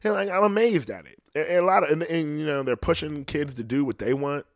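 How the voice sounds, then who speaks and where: A man's voice: on the high side, brisk, no echo. A man ranting in a casual, profane monologue, rambling and often asking "you know what I mean", on a close mic in a small room. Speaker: podcast host.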